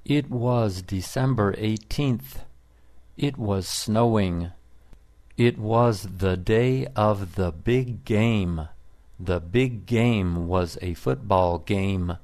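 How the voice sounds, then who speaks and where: A man reading simple stories aloud for English learners, in deliberate, plain sentences. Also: fairly low pitch, a little mellow. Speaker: narrator. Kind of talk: slow scripted story narration for English learners.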